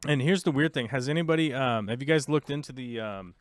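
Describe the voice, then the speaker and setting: A man's voice: mid-range voice, fast, few pauses, no room sound. An American man hosting a livestream, chatting casually and rambling with lots of fillers as he reads viewer comments. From United States. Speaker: livestream host.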